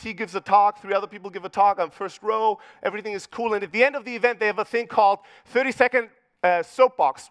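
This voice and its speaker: High-voiced Greek man telling stories on stage. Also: a bit bright, clean tone, dry recording. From Greece. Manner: profane, punchy storyteller acting out dialogue. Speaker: conference speaker. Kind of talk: motivational keynote storytelling. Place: conference stage.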